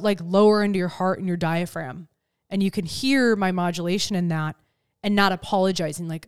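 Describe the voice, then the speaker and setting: Woman podcast host, smooth low-ish voice, lively and chatty, acts out quotes. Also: a little fast. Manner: animated, acts out quoted lines. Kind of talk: casual podcast chat. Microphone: close studio mic.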